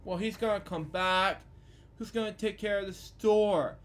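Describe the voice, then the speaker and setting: A man reading the lines of a big childlike yellow bird from a book, in a halting way with stumbles and restarts. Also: high-pitched, voice pushed up. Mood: plaintive.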